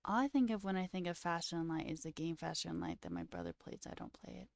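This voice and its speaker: A woman's voice: fairly low pitch, fast talker, vocal fry, dry recording, clean studio sound. A woman hosting a livestream, chatting casually with viewers, giggly and now and then dropping into a whisper. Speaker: livestream host.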